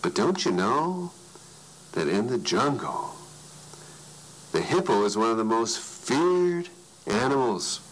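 A man narrating a story in an animated way, his voice swinging widely for emphasis. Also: mid-range voice, slow pace, pauses often, low-quality recording.

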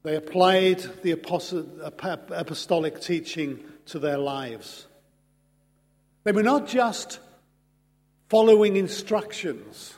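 A man preaching a sermon in an earnest, measured way, pausing slowly for emphasis. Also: high voice, lively intonation, darkish tone. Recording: long hall reverb.

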